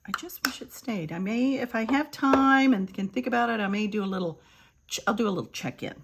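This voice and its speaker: An older woman giving a chatty makeup tutorial, calling her viewers "kids" and sometimes dropping to a soft murmur. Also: a little high, fairly quick, gravelly, background noise. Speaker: beauty vlogger.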